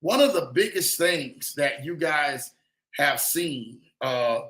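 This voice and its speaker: Male livestream host, bright and high-pitched, energetic shout-out style, roomy echo. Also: slow pace. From lives in Denver. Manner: hype, repetitive "man" and "in the building". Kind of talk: casual livestream chat with shout-outs.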